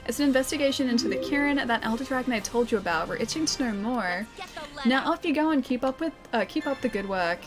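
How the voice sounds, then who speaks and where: A woman's voice: fairly high pitch, animated, quick pace, over music, lightly acted. A woman reading a friendly video game quest-giver's lines aloud in her own voice. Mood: encouraging.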